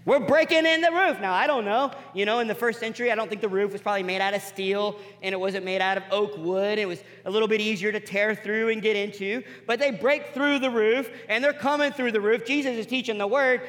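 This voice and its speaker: Male preacher, higher register, lively storytelling delivery that drops soft for emphasis, in a church hall with a long reverb. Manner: animated, acts out the people in the story with quick voice changes; drops to soft, quiet emphasis on key points. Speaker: pastor. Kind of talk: sermon.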